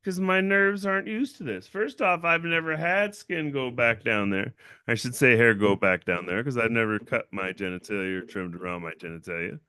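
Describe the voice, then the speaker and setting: Brief: male host, bright forceful voice, dry close sound, profane animated storyteller. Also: mid-range voice, moderate pace, clear, resonant tone, dry recording. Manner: blunt, profane and animated, acting out the voices of other people. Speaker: channel owner and host. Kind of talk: casual livestream storytelling.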